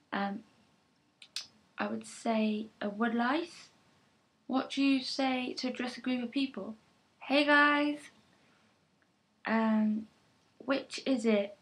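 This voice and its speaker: A young English woman, a vlogger, reading a word list and answering questions, slow and careful with soft "um" pauses. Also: a little high, low-quality recording. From England.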